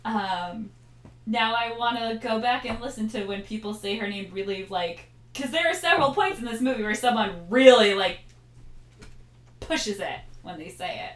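A woman's voice: fairly high pitch, normal speed, fairly bright tone. A woman hosting a podcast in casual chat, laughing often and trailing off with fillers over a call. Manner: giggly, chatty, hesitant fillers. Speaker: podcast host. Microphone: talking over a video call. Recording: roomy echo.

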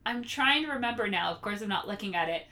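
A woman co-hosting a casual film podcast, animated, laughing often and acting out lines. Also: mid-range voice, fast talker. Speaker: podcast co-host.

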